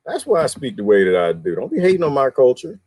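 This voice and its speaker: A man's voice: medium pitch, huge pitch swings, fast talker, a little mellow, breathy edge, dry recording. A middle-aged man with a Southern US accent, chatting casually on a livestream and laughing often as he reads lists aloud. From American South. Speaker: livestream host.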